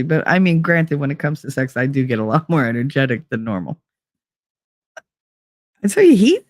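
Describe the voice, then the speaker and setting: A middle-aged woman chatting frankly with viewers on a livestream, full of swearing and quoted exchanges done in high mocking voices. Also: dry recording, clean studio sound. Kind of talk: casual livestream chat.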